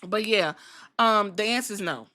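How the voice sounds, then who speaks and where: A woman's voice: mid-range voice, normal speed, bright, forceful tone. A woman hosting a casual podcast, talking bluntly with plenty of swearing and jokes. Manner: blunt, profane, joking. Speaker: podcast host. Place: Columbus.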